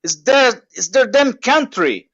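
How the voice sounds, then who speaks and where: A man's voice: very high voice, big pitch swings, unhurried, a bit bright, no echo. A man in a casual online group chat who cuts in often and gives blunt opinions. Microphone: online call. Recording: dry muffled call audio.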